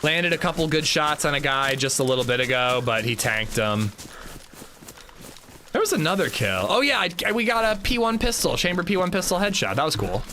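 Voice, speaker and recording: A young man on a gaming livestream, talking loosely and swearing freely as he answers chat. His voice sits a bit high and bright, swinging widely in pitch. A faint hiss sits under it. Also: big pitch swings, a little fast. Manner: chatty, loose and profane, reads and answers chat. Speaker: game streamer.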